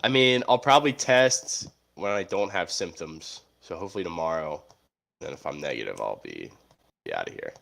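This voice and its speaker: A man's voice: low-pitched, sing-song, moderate pace, vocal fry, fairly bright tone. A young man co-hosting a casual sports podcast from home, sounding stuffy and tired from being sick, telling wry, self-mocking stories. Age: young adult. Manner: wry, self-mocking storyteller with frequent laughs. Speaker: podcast co-host.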